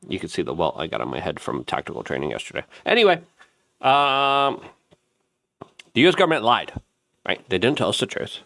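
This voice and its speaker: A man hosting an online news show, giving an opinion commentary straight to camera. He rants emphatically and repeats himself rapidly, and he mimics other people in raised, mocking voices. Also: on the low side, gravelly. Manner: excitable, emphatic ranting with rapid repetition. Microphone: camera-mounted.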